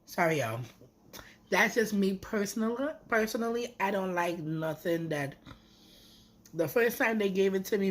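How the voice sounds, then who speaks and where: A woman chatting casually to camera as a vlogger, rambling with lively asides. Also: mid-range voice, moderate pace.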